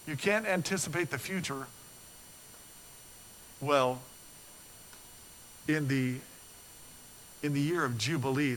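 An older man preaching an earnest, storytelling sermon as a pastor, building up animated and then dropping low and soft. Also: a little hiss or hum, rough recording.

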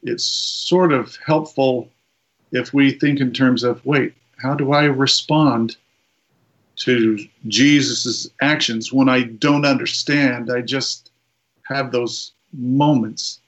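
A man preaching a sermon, retelling a story and slowing down to stress key lines. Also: mid-range voice, fairly even intonation, lo-fi sound. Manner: retells a story with quoted voices, slows for emphasis.

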